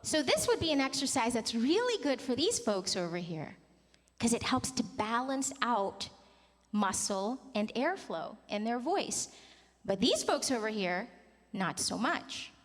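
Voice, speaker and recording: A vocal coach in her thirties leads a singing workshop in a large conference hall, demonstrating vocal sounds and coaxing the group to join in. Her voice is a little high, sing-song and unhurried, and the recording carries long hall reverb.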